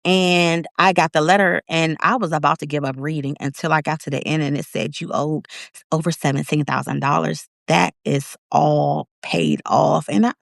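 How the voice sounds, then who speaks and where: Speaking at normal speed with some vocal fry, a thirtysomething interview guest shares a personal story in a relaxed conversation. She brings her own quotes to life with large leaps in pitch, and the studio sound is clean with no room noise.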